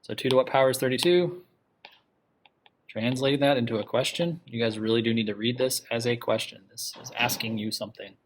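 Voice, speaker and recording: In this classroom lecture, a man's mid-range voice stays steady and moves a little fast, with a slight hiss or hum on the recording. He explains math one step at a time, regularly checking with "okay?" that students keep up, questioning the class and going over the main points again.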